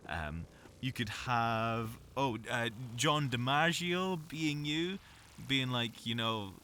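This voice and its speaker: Lively self-mocking Scottish man. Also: mid-range voice, slow pace, clean tone. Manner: self-mocking, chatty, waffling. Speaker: voice actor. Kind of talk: recorded game dialogue, rambling monologue. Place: small cupboard recording booth.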